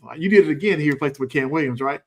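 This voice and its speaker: A man's voice: fairly high pitch, racing. A man, a coach co-hosting a casual sports talk show, breaking down plays emphatically and acting out quotes in a folksy way. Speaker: co-host and coach.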